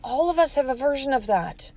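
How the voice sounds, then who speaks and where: A woman's voice: high-pitched, expressive, brisk, mellow, slight background noise, low-quality recording. A woman hosting a solo motivational podcast, talking bluntly and with a lot of swearing, fired up and pushing her listeners hard. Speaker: podcast host.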